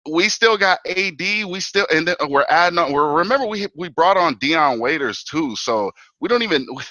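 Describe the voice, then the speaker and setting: A man guesting on a sports talk show, talking as an animated fan, full of "bro" and "man". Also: fairly high pitch, normal speed, no room sound, poor audio.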